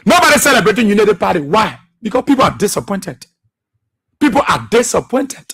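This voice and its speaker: A man's voice: high-pitched, fairly bright tone, husky. A man hosting a political radio talk show, impassioned and repetitive, firing rhetorical questions and laughing often.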